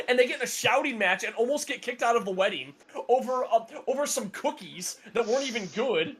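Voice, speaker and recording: A man's voice: extremely high pitch, animated, a little fast, a bit bright, slightly rough. A young man chatting casually on a podcast, telling a long story with many fillers and restarts, sarcastic and laughing often. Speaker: podcast co-host. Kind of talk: casual chat.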